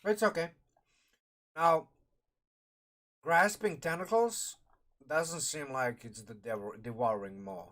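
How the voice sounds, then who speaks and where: A man's voice: a little high, takes it slowly, long pauses, fairly bright tone. A man casually reviewing a game sourcebook on a live stream, rambling and thinking aloud with restarts, talking through a mouthful of food. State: eating while talking, mouth full.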